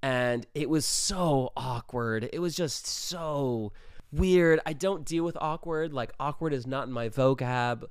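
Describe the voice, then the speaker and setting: A young man spins a story for his vlog camera, animated and loose with his swearing. His voice comes through smooth and clean, with no room sound around it. He is middle-pitched and chatty, darting into asides as he goes. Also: no room sound, studio quality. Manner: animated, profane, quick asides. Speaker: vlogger. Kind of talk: casual storytelling.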